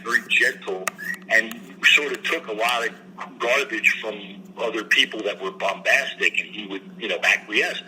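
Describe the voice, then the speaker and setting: A man talks in a loose, storytelling way, and his voice has a sharp, bright edge. He sounds animated as he describes people he has worked with. A faint hiss sits under the recording. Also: medium pitch, rough recording. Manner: animated, slips into impressions. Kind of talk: casual storytelling chat. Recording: faint background noise.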